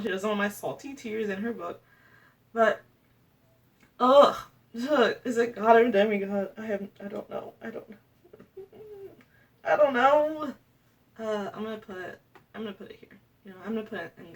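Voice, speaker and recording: A woman's voice: mid-range voice, creaky, distant mic. A young woman ranking books in a casual vlog, chatty and gushing, with lots of fillers and restarts. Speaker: booktuber.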